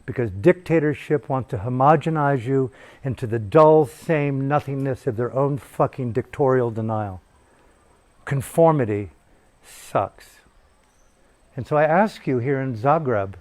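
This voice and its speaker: A man's voice: mid-range voice, expressive, normal speed, a little mellow. A man giving a profane, provocative dharma talk as a meditation teacher at a retreat. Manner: provocative, swearing, intense. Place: retreat hall in Bali.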